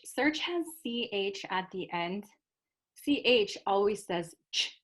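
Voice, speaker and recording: This woman's voice is mid-range, animated and fairly bright. Teaching English vocabulary to learners, she moves slowly and deliberately, spelling out and modeling each word with care.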